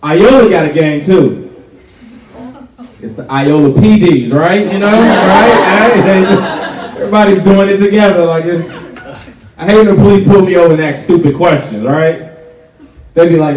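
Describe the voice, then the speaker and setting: A young man from Chicago doing stand-up at a college show, his slightly high voice sounding a little distant from the mic. The room is roomy and echoing. He talks in a loose, chatty way, leaning on "like" and "right?". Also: normal speed, long pauses, darkish tone. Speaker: stand-up comedian. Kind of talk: stand-up comedy set. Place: college auditorium with a live audience.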